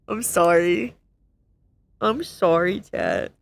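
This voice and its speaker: A woman's voice: lowish voice, huge pitch swings, drawn-out words, creaky, no echo. A young woman streaming casual commentary as she watches a role-play, laughing often and mocking herself.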